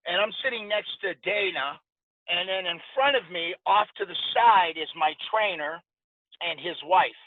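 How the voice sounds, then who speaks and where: A man in his forties, a podcast guest, casually telling lively stories and acting out the dialogue. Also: sits high, moderate pace, no room sound. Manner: animated anecdote-telling with quoted dialogue. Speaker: podcast guest, former boxer. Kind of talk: casual storytelling interview. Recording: dry, tinny phone-like sound.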